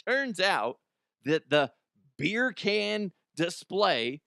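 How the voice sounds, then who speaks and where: A man's voice: fairly high pitch, pushed and bright, clear, resonant tone, no room sound, clean studio sound. A man hosting a comedy show, riffing sarcastically on odd news stories, swearing freely and jumping into mocking voices. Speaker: comedy podcast host.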